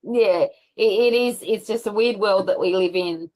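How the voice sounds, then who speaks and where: A woman's voice: medium pitch, moderate pace, a little mellow, rough recording. A woman talking as a guest in casual conversation over a video call, rambling with many fillers and restarts.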